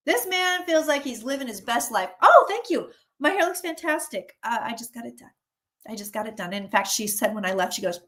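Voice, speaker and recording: A woman psychic chatting casually on a tarot livestream, chatty and animated, often acting out what people say. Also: fairly high pitch, fairly quick.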